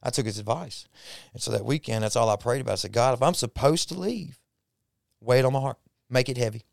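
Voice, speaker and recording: Gravelly man telling his testimony. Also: mid-range voice, quick pace, no echo, studio quality. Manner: folksy Southern-style storytelling, repeats himself when moved. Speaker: podcast guest. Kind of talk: personal testimony storytelling.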